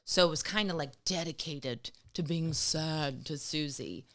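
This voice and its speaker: This middle-aged podcast co-host has a low-pitched, slightly slow voice. Her casual chat runs emotional, turning tearful at moments, and she often quotes people, putting on voices for them.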